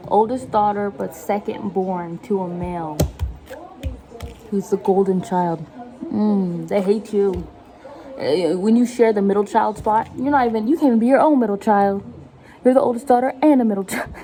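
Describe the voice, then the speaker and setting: A woman's voice: medium pitch, normal speed, dark tone, faint music behind. A woman in her twenties chatting casually while cooking at home, rambling and self-mocking and laughing often. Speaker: vlogger. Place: home kitchen.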